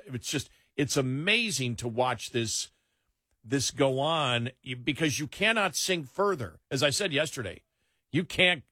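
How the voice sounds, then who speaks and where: A man's voice: medium pitch, sharp tone, breathy edge, no echo, studio quality. A man hosting a late-night political talk radio show, emphatic and incredulous, often restarting his words.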